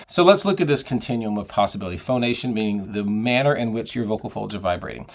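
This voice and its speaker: A man's voice: fairly low pitch, expressive, quick pace. Man teaching singing technique. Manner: explanatory, demonstrates sounds and sung phrases. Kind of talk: vocal technique lesson to camera.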